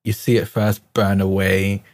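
A man's voice: sits low, flat delivery, a little slow. A man playing a tabletop game, describing his character's transformation in a chatty way, laughing and searching for words. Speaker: player.

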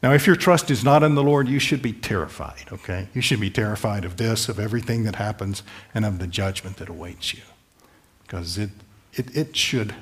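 A man preaching a sermon, earnestly pleading with listeners and restating scripture in plain words. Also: lowish voice. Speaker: pastor.

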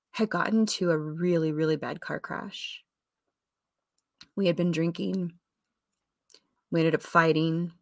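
A woman with a fairly low voice tells a personal story in a candid, meandering way. She keeps backtracking and correcting herself, dropping fillers and little laughs. The sound is dry and close, with no room around it. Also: no room sound. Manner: rambling, self-correcting, with fillers and soft laughs.

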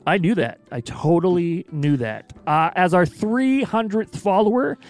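Guy co-hosting a stream, kinda high voice with gravel in it, jokey and chatty. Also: lively intonation, a little slow, faint music behind. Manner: chatty, jokey, lots of fillers. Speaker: stream co-host. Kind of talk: casual stream announcements.

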